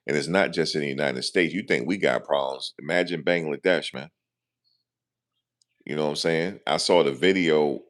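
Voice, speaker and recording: A man with a very deep voice and a gravelly rasp talks to his camera in a loose, slangy way. He keeps dropping "you know what I'm saying" between his lines and tells the story casually, like he's venting to a friend. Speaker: vlogger.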